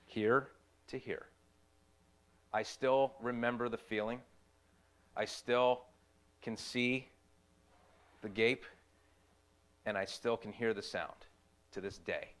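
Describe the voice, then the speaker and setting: A young man gives a personal testimony at a middling pitch. He speaks earnestly and haltingly, often repeating a phrase before going on. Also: fairly even intonation, fairly bright tone. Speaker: youth ministry volunteer.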